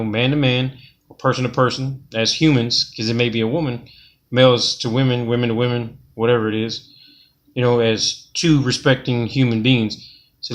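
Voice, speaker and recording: A man talks straight to his viewers, blunt and heavy with swearing. He rambles through his advice in a casual, unpolished way at a middling pitch. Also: a bit bright. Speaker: vlogger giving advice.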